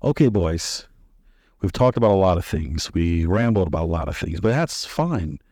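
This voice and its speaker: A father with a low, dark voice talks loosely and warmly with his boys, rambling and joking as he goes. The sound is dry and close, with no room around it. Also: lively intonation, moderate pace, no room sound. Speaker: father and podcast host. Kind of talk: casual family chat.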